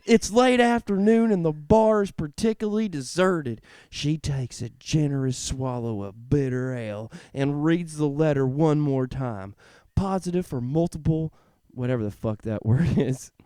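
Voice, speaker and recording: A man co-hosting a podcast, reading a story aloud haltingly and breaking into laughter. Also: a little high, warm tone, clean tone, dry recording, clean studio sound. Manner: reads haltingly, laughing often. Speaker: podcast co-host. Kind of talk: casual chat, reading aloud.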